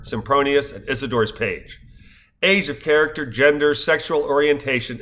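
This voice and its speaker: A man's voice: medium pitch, sharp tone. A man in his fifties, a stage actor, giving a wry, scripted narration full of wordplay. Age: 50s. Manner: wry, wordplay-laden storytelling.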